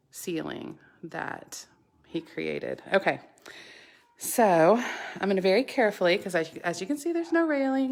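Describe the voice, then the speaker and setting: Chatty woman, lowish voice. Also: creaky. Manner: chatty and gushing. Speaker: homeowner vlogger. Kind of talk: home tour vlog. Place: house under construction, indoors.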